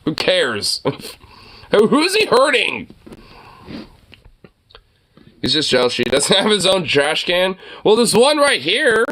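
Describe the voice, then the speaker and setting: A young man riffs on a video clip in casual, profanity-heavy commentary. He often trips over his words and restarts. His voice is bright and bouncy, climbing high and dropping low as he goes. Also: big pitch swings, takes it slowly, pauses often. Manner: profane, rambling, stammering restarts. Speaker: streamer reacting to a video.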